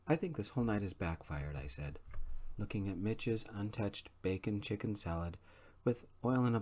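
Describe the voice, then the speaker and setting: A man narrating an audiobook chapter in a gentle, soft-spoken ASMR reading style. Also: fairly low pitch. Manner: gentle, quiet first-person narration.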